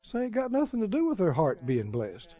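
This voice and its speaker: A man preaching a sermon dramatically, swinging between booming lines and hushed asides. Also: wildly swooping pitch, brisk. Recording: dull lo-fi, dry sermon recording.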